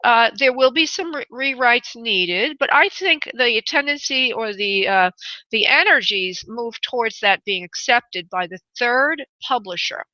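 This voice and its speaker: A woman from New York with a New York accent, hosting a live call-in radio show as a psychic medium, chatty and pausing to consult spirit. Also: a little high, lively intonation, pushed and bright, dry recording, highs cut off. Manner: chatty, pauses to consult spirit, laughs easily.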